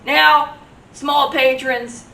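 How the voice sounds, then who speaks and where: A woman's voice: sits high, fairly even intonation, drawn-out words, creaky, sharp tone. A woman presenting a children's program with playful, exaggerated enthusiasm. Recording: roomy, distant mic.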